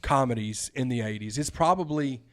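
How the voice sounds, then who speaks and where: A man's voice: medium pitch, brisk. A man co-hosting a podcast, talking in an easygoing, casual way, full of fillers and "dude". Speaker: podcast co-host. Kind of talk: casual chat.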